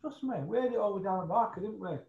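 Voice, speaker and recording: A man's voice: sits high, fairly quick, darkish tone. A man ranting bluntly in casual chat, swearing freely and tagging his points with questions. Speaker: show regular. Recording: roomy, slightly dull sound.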